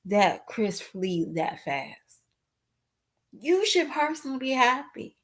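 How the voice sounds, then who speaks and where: A woman's voice: a little high, very animated, slow, a bit bright. A woman vlogger talking straight to her viewers in a casual, outspoken, emotional way, sometimes tearful with a cracking voice. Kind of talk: casual commentary vlog.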